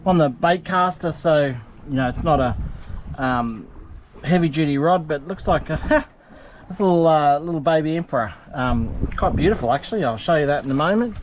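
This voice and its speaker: A man's voice: fairly high pitch, normal speed, highs cut off, slight background noise. A man vlogging from his small fishing boat outdoors, chatty and self-mocking, rambling with fillers. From Australia. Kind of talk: casual vlog narration.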